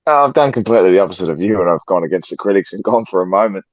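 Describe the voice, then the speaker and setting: Aussie bloke on a footy podcast, super deep husky voice, cheeky mock-serious rants, dull dry lo-fi mic. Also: male voice, expressive, very fast, dry recording. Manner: cheeky, mock-pompous, swears freely. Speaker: podcast co-host. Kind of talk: casual sports podcast banter.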